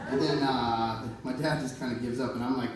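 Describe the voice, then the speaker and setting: A man telling stories live on stage, animated and liberal with profanity, who keeps turning to the audience with asides. His voice sits at an average pitch and is picked up from a distance in a very echoey venue. Audience noise is clearly audible behind him. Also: a little fast. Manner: animated, profane, playful, talks straight to the audience. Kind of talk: comedic live storytelling.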